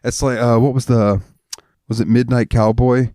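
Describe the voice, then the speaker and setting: A man's voice: medium pitch, little pitch movement, moderate pace, dark tone, no echo, studio quality. A man co-hosting a casual podcast, talking in a laid-back, rambling way and laughing easily. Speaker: podcast co-host. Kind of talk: casual chat.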